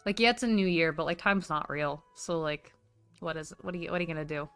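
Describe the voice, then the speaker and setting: A woman's voice: low-pitched, fast talker, fairly bright tone, clear, resonant tone, soft background music. Chatty, swearing woman livestreamer. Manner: chatty, swears a lot, gushes thanks at donations. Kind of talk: casual stream chat.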